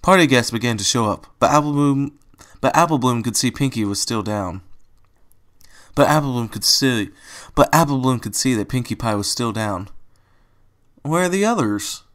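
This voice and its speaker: A man reading fan fiction aloud as a storybook narrator, plain and calm, with small slips. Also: mid-range voice, normal speed.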